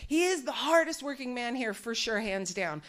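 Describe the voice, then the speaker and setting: A woman's voice: a little high, expressive, normal speed, fairly bright tone. A woman comedian doing live stand-up on a club stage, brash and profane, teasing the crowd.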